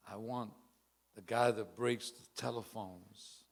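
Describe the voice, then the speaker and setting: A man's voice: mid-range voice, slow pace. A man preaching a sermon through a long personal story, in a casual street-style way, often tacking on "man" and chuckling between lines.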